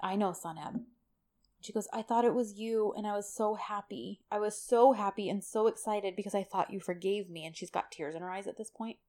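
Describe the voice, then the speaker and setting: A woman co-hosting a relaxed podcast and chatting through a TV episode scene by scene. She is lively in her retelling and slips into the characters' lines as she quotes them. Her voice sits at an ordinary middle pitch. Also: fairly quick. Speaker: podcast co-host. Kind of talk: casual chat recapping a TV episode.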